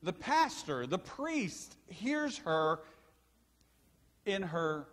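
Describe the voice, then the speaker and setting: An older pastor preaches extremely slowly in a voice that sits high. Asking the congregation questions and telling stories with animation, he fills the church sanctuary, where the reverb trails long.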